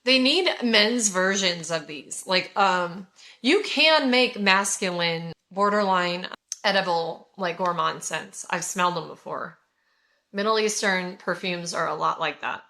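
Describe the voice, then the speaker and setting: With a bright, forceful voice on the lower side, a haul vlogger in her forties from California takes a measured pace. She's expressive and effusive, gushing to viewers over scented products in casual conversation.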